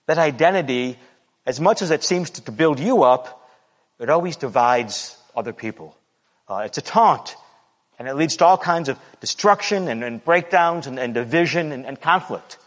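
Man preaching a sermon in a long-echo hall. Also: fairly high pitch. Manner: earnest, repetitive, acts out quoted boasts.

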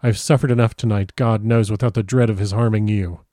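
A man's voice: fairly even intonation, fast talker, warm tone, no room sound, clean studio sound, lightly acted. A man doing a desperate young wife. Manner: pleading, high-strung.

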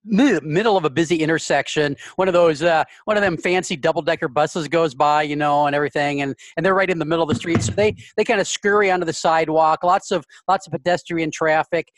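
Man narrating a tabletop game, halting, repeats words, slightly high voice, dry close sound. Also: no echo. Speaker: player.

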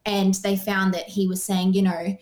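A woman's voice: mid-range voice, normal speed. A young Australian woman telling a personal story in casual chat, full of "like" fillers. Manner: animated, frequent "like" fillers.

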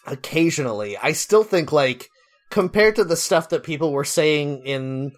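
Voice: medium pitch, animated, moderate pace. A podcast co-host in casual comedic chat who rants, swears and breaks into laughter.

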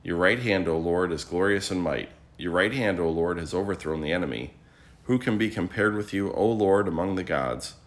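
A man reading morning prayer scripture aloud as a liturgy reader, in a measured, steady recitation. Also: low-pitched.

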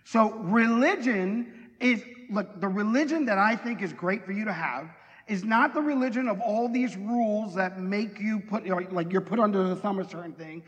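High-voiced joking pastor in a reverberant hall. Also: male voice, normal speed, lo-fi sound. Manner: conversational, joking, asks the congregation questions. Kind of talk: sermon. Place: church hall.

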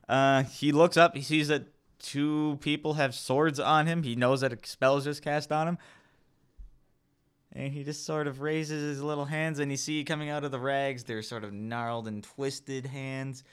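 A man narrating as game master, improvising scenes in a lively, quick way. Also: medium pitch, smooth.

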